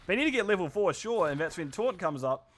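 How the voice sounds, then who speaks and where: A man's voice: high voice, big pitch swings, a little fast, a bit bright. A man with a New Zealand accent casting a live esports match, chatty and self-deprecating, with rambling asides. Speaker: esports caster. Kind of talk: live esports play-by-play commentary.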